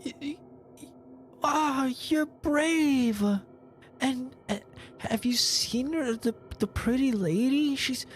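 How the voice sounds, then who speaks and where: A woman voicing a timid young male violinist in a horror game who stammers and pleads in a high voice. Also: slow, soft background music.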